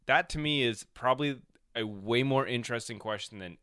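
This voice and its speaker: A man's voice: medium pitch, fairly quick, pushed and bright, smooth, dry recording, studio quality. A man co-hosting a podcast, jumping in eagerly to clarify and react in casual chat. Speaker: podcast co-host.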